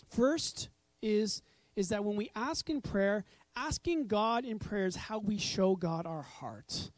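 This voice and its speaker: A woman's voice: medium pitch, darkish tone, no room sound. A woman preaching a conversational sermon, telling stories with animation and acting out voices. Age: adult parent.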